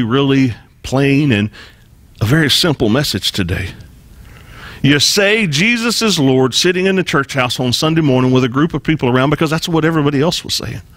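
A man's voice: mid-range voice, fairly bright tone, dry recording. A man preaching a sermon in a church as the pastor, emphatic and repetitive, often leading the congregation in responses and restarting his words. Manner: emphatic preaching, repeats key phrases, leads congregation responses; frequent restarts and repeated words.

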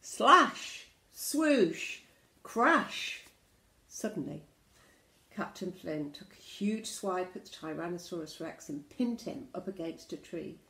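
A woman teacher reading a picture book aloud to young children, with slow hushed asides about the pictures. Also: lowish voice. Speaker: infant school teacher.

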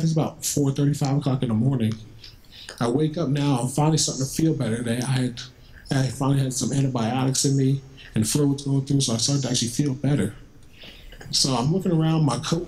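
A man talking to a room of students, his voice sitting at an everyday middle pitch. He tells his story in a relaxed, conversational way and brings remembered exchanges to life. A faint hiss runs under the recording. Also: rough recording. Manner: conversational, vivid, acts out remembered dialogue. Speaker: guest speaker at a school. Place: school, indoors.

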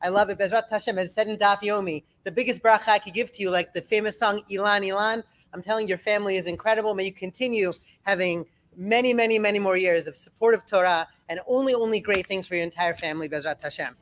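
Energetic male rabbi lecturer, animated, repeats for emphasis. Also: sits high, fast talker, few pauses. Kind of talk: lecture with slides.

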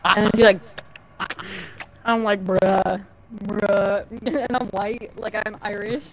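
A woman's voice: medium pitch, fairly even intonation, a little slow, a little hiss or hum, rough recording. A young adult woman streaming a game, chatting casually in a giggly, rambling way and swearing freely. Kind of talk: casual gaming chat.

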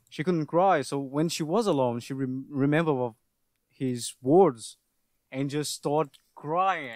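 Man, podcast co-host, slow, emotional, halting, fillers, dry sound. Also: mid-range voice, no echo. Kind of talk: casual chat.

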